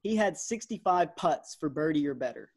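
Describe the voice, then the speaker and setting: A young man in his twenties co-hosting a podcast, chatting in a relaxed way with lots of fillers. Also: fairly high pitch, normal speed. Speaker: podcast co-host. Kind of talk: casual sports podcast chat.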